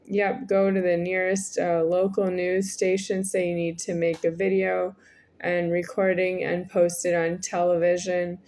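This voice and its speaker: A woman's voice: lowish voice, little pitch movement, a little slow, a little mellow. A woman in her forties speaking in a rambling, repetitive monologue to the camera, with frequent hesitations. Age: 40s. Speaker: vlogger.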